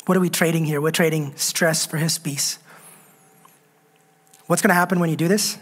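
A woman preaches a sermon in a deep, steady voice at a normal speed, leaving long pauses. She exhorts her listeners, repeating phrases for emphasis and calling on the congregation to answer her.

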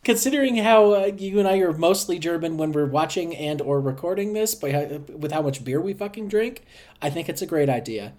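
A man's voice: on the high side, expressive, a little fast, darkish tone. A man co-hosting a casual podcast, telling stories sarcastically and swearing. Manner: storytelling, sarcastic, profane. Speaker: podcast co-host.

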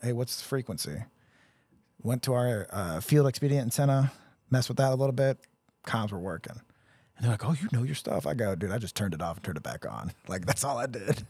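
A man with a medium-pitched, breathy voice speaks a little fast with no echo as he co-hosts a relaxed podcast. Swearing freely, he tells army stories with animation, performing the voices and lines of the people involved.

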